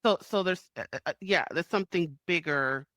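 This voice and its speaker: A man's voice: a little high, normal speed, sharp tone, no room sound. A man hosting an interview who speaks openly and thinks aloud, often restarting his sentences. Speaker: host. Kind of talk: casual interview talk.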